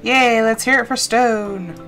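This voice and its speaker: A woman's voice: a little high, slow. Young woman, streamer, casual rambling chat, fillers, game music behind. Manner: chatty, rambling, with many fillers. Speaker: streamer playing a farming game. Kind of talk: casual live-stream chat while gaming.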